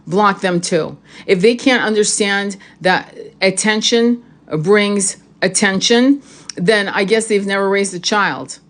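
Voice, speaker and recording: A woman with a lowish voice talks straight to her viewers in a casual spiritual monologue. Her delivery is passionate and emphatic, and she swears bluntly and hammers home key phrases by repeating them. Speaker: spiritual reader and vlogger.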